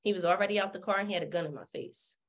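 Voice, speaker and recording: A woman with a sassy, animated way of talking, a podcast guest telling her story candidly, swearing freely and acting out the people she quotes. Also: medium pitch, very fast.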